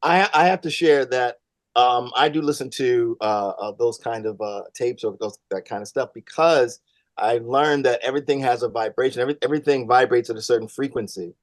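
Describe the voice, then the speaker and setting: A man appearing as a comedian guest, joking on a radio panel in a halting way with many fillers. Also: mid-range voice, no room sound. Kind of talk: comic banter.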